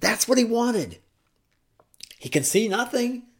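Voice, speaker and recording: A man teaching a scripture story dramatically, shifting between loud emphasis and hushed whispers. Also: very high-pitched, sing-song, slow. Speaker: Bible teacher.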